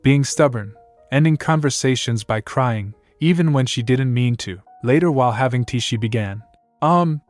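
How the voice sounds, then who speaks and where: A man's voice: medium pitch, normal speed, darkish tone, dry recording. Male recap narrator, mid-range voice, dry close sound, faint music under.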